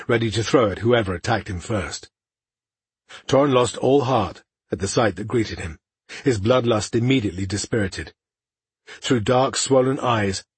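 Husky male fantasy audiobook narrator. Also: lowish voice, dry recording.

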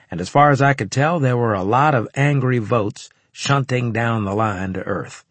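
Man, audiobook narrator, first-person, steady, husky, dry close studio. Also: fairly low pitch, dry recording.

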